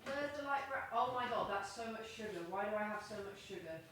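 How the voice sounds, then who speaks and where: A woman's voice: mid-range voice, animated, brisk, fairly bright tone. A young woman chatting casually with her live-stream chat while she bakes in her home kitchen, often stepping away from the mic. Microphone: streaming setup, often walks away from the mic. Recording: echoey kitchen with faint room noise.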